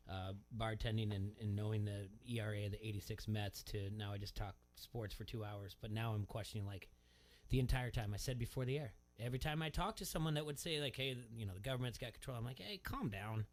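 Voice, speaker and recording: A man's voice: on the low side, fairly even intonation, fast. Rambling male sports radio host. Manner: rambling, self-questioning, conversational. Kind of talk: casual radio talk.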